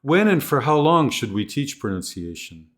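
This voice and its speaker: Man, mid-pitch, scripted teacher-training narration; slows down to model example phrases clearly. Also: sing-song.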